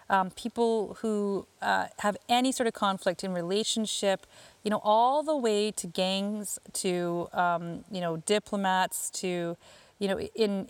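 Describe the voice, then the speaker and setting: A woman coaching parents in a casual talk, answering listener questions and often pausing with fillers and restarts. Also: medium pitch, clear, resonant tone, dry recording. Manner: chatty, lots of fillers and restarts.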